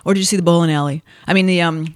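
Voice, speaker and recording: An older woman from the area, chatting casually and talking fast and impatiently. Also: on the low side, steady tone, no echo, clean studio sound. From Boston area. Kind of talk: casual chat.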